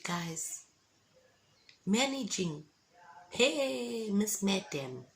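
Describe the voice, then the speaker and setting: A woman's voice: medium pitch, sing-song, very slow, a little hiss or hum, poor audio. A woman giving an emotional faith testimony to camera at home, fervent and often checking that her listeners understand. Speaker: Christian vlogger giving a testimony. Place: at home indoors with windows open.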